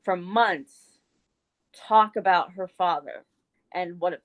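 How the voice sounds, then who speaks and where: A woman's voice: on the low side, takes it slowly, poor audio. A woman co-hosting a casual chat show, telling a long personal story with many fillers. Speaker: co-host.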